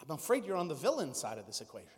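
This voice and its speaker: Male pastor, high voice, casual sermon full of questions; long hall reverb. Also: huge pitch swings, very fast. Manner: conversational preaching with rhetorical questions.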